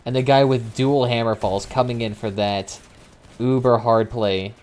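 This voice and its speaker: Young man, game streamer, casual live commentary, swears a lot, excitable reactions. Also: mid-range voice, unhurried.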